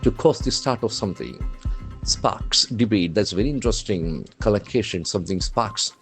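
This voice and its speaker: Teacher with a lively low voice. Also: male voice, moderate pace, soft background music. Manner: spells words letter by letter and repeats them for practice. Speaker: English language trainer. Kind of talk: newspaper vocabulary lesson.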